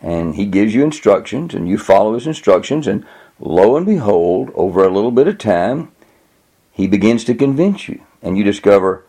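A man preaching a sermon, telling illustrations with halting restarts and raising his pitch to act out quoted voices. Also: big pitch swings, dark tone, slightly rough.

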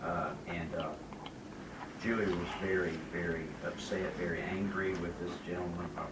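Deep-voiced man testifying from across a room. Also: level tone, normal speed. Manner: earnest, building in emotion. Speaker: class member sharing a testimony. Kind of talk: emotional personal testimony. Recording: distant roomy recording with background noise.

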